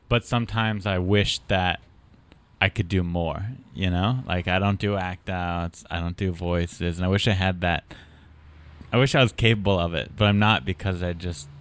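A man's voice: low-pitched, fairly even intonation, moderate pace, fairly bright tone, smooth. A man hosting a casual podcast, a comedian who teases his guest dryly and asks pointed questions.

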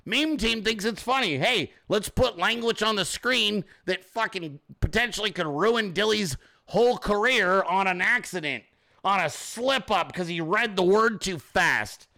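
A high-pitched man runs his own livestream, launching into a fast, foul-mouthed political rant off the cuff. He's animated throughout and shouts at times when acting out scenes.

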